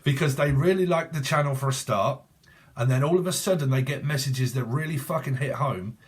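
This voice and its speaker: A man's voice: mid-range voice, a little fast, husky. A man, giving a casual online tarot reading in a blunt, profane way and laughing often. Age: 40s. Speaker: tarot reader.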